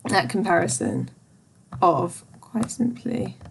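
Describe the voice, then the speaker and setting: A woman giving a revision lesson on a poem, thoughtful and pausing often with small fillers. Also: fairly low pitch, sing-song, gravelly, a little hiss or hum. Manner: slow, thoughtful, pauses often with ums. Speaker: teacher.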